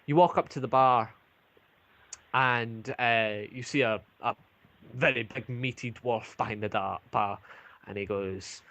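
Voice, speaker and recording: A man's voice: mid-range voice, fairly even intonation, a little slow, sharp tone, lo-fi sound. A man narrating an online tabletop game as game master, hesitant, with many ums and restarts.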